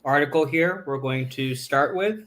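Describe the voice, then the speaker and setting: A man's voice: a little high, normal speed, fairly bright tone. A man co-hosting a casual podcast, introducing a topic with hesitant fillers and thinking aloud. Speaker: podcast co-host. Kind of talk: casual chat.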